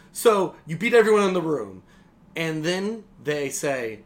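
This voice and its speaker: A young man co-hosting a podcast, ranting casually about a video game in a sarcastic, animated way, swearing freely and acting out lines. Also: mid-range voice, a little fast, slight background noise. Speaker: podcast co-host. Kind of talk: casual game critique chat.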